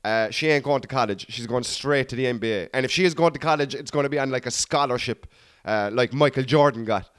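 A man's voice: medium pitch, quick pace, a bit bright, smooth, no echo, clean studio sound. A man in his thirties with a Cork accent, a comedian telling rambling stories on his podcast and talking straight to his listeners. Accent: Cork, Irish. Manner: rambling, chatty, addresses listeners as guys and boy. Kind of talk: casual storytelling monologue.

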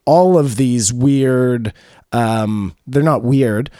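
Podcast co-host, man, 30s, mellow and loose, rambling delivery, dry close mic. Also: medium pitch, very slow, no room sound. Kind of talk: casual chat.

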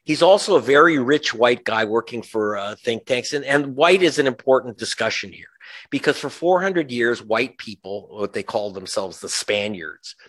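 A man's voice: medium pitch, normal speed, a bit bright. A male journalist, a guest in an interview, giving passionate political commentary, sarcastic, with frequent restarts. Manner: impassioned, sarcastic, many restarts.

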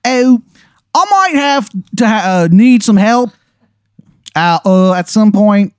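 A man voicing a sleazy stranger in a deliberately terrible Maryland accent, talking in a high squeaky drawl and calling people "hun". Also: animated, a little mellow, clean tone, dry recording, clean studio sound. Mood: wheedling.

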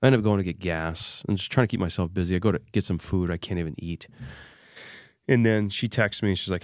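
A man with a very low voice talks as an interview guest. He tells an emotional personal story in an animated way, acts out remembered dialogue and uses many fillers. His voice sounds close and dry. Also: quick pace, no echo.

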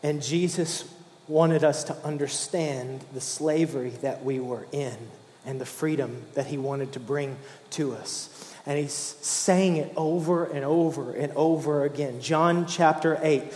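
A man preaching a sermon, emotional, swinging from hushed, slow lines to fervent ones. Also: a little high. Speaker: pastor. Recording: echoey hall, roomy.

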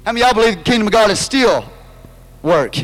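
A pastor preaching a sermon, impassioned, drawing out phrases and breaking into shouts. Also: male voice, sits high, lively intonation, quick pace, faint music behind, low-quality recording.

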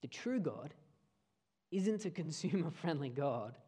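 A man preaching a sermon, earnest, often dropping his voice low for emphasis. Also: sing-song, measured pace, mellow, slightly rough.

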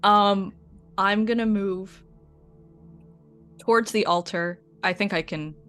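A woman playing a tabletop game, describing her character's actions with hesitant, quick asides. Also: mid-range voice, a bit bright, faint music behind. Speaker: player. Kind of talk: casual play at a tabletop game.

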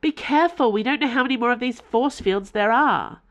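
A woman's voice: fairly high pitch, fairly quick, voice pushed up, close to an everyday voice. A woman doing breathless young Aramis. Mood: urgent.

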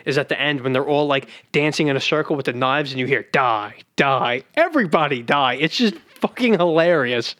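A man's voice: a little high, a little fast, hardly any pauses, a bit bright, no room sound. A man with a somewhat raised voice talks casually on a podcast, retelling an episode plot with constant fillers. The sound is dry, with no room around it. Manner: rambling, many fillers like "like" and "you know". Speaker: podcast co-host. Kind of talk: casual chat recapping cartoon episodes.

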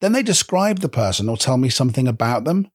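A man's voice: mid-range voice, sing-song, fast, husky, no room sound. A male narrator giving wry scripted documentary narration. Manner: dry, wry.

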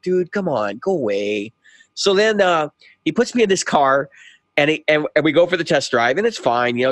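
A man's voice: medium pitch, a bit bright, dry recording. A middle-aged man co-hosting a casual podcast, animatedly acting out both sides of a conversation as he tells a story. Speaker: podcast co-host.

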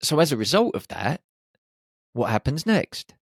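A man hosting a solo podcast, talking in an animated way and slipping into quick voices for people's inner self-talk. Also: fairly high pitch, vocal fry, breathy edge, dry recording, studio quality. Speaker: podcast host.

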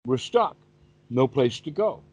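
A man's voice: mid-range voice, animated, a little slow, a little mellow, slightly rough, dry recording. A male meditation teacher giving a patient, repetitive teaching talk over a video call. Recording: dull, dry lo-fi call audio.

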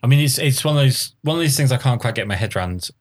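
A man's voice: medium pitch, expressive, fast talker. A man hosting a podcast as a photographer, asking questions in a rambling, wry way. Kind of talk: casual interview chat.

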